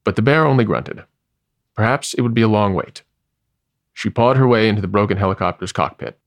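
Gravelly, low-voiced male storyteller. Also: no room sound. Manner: wry, measured, expressive. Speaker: narrator. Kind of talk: storybook reading.

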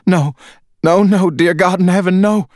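A man's voice: medium pitch, lively intonation, fairly quick, no echo, clean studio sound, voice pushed up, natural voice. A man voicing a worried mother in an audiobook, motherly and soothing in manner. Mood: distraught.

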